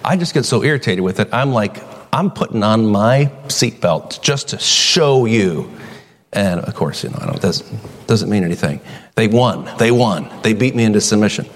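Animated preacher in a reverberant church. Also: male voice, normal speed. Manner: animated, folksy storytelling with sudden high-pitched acted quotes. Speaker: pastor. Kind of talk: sermon. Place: church sanctuary. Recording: long hall reverb.

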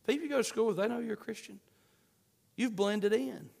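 A man preaching a sermon, fervent, swinging between shouts and hushed pleading. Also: high voice, fairly quick, creaky. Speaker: pastor. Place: church sanctuary. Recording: long hall reverb.

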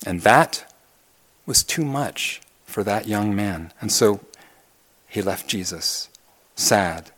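Man preaching with loud and hushed swings. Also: fairly low pitch, lively intonation, takes it slowly, pauses often. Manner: dynamic preaching, swinging from loud emphatic calls to hushed near-whispers. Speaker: pastor. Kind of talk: sermon.

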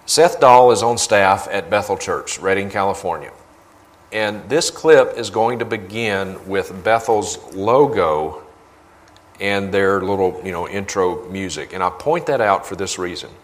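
A man preaching with a low-pitched voice. He is indignant and emphatic, and he repeats short phrases to drive his point home. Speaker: guest preacher. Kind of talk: sermon with video commentary.

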